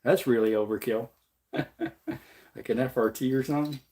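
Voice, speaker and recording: A man's voice: moderate pace, warm tone, a little hiss or hum. A man hosting a livestream, casually reading out and answering viewer comments with frequent laughs and jokes. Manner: laughs often, jokey, repeats "man" and "allegedly"; puts on a higher voice when quoting people. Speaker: livestream host.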